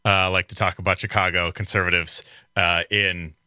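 A man hosting a radio talk show, loose and joking, with a halting delivery. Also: low voice, flat delivery, pushed and bright, smooth, no echo, studio quality.

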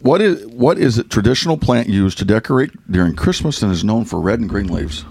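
Quiz host: American man, Northern US accent, gravelly husky voice, jokey and easily tickled. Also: lowish voice, animated, a little fast, a little mellow. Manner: jokey, laughs often, stumbles over questions. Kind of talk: casual Christmas trivia quiz.

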